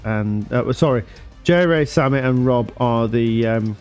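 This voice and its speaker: A man's voice: mid-range voice, slow, darkish tone, smooth, faint music behind. A man commentating a sim racing league live in a casual, chatty way, often laughing and apologising.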